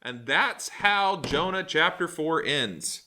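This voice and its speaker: A man giving a casual Bible lesson as a youth pastor, animated and joking, with lots of fillers. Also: fairly high pitch, takes it slowly.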